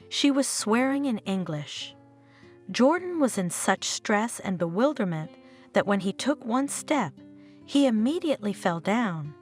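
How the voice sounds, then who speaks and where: A woman narrating a scripted story in a steady storybook reading manner. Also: mid-range voice, a little slow. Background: faint guitar music.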